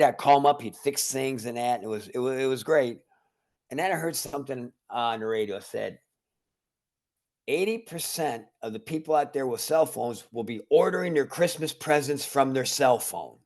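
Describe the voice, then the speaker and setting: A man's voice: mid-range voice, lively intonation, normal speed, a little mellow. A man who runs a martial arts school, telling rambling stories in a casual podcast chat. He often repeats words and acts out the conversations he describes. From Cleveland, Ohio area. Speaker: judo instructor. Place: remote call.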